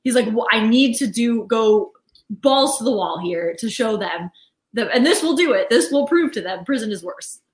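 A woman co-hosting a casual podcast, with a high-pitched voice and frequent laughter. She quotes scenes in a raised voice. The room sounds echoey. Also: lively intonation, normal speed. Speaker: podcast co-host. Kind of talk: casual chat.

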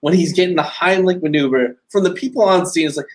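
A man's voice: on the high side, quick pace. A man co-hosting a podcast in casual chat, talking enthusiastically, swearing freely and laughing as he goes. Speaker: podcast co-host.

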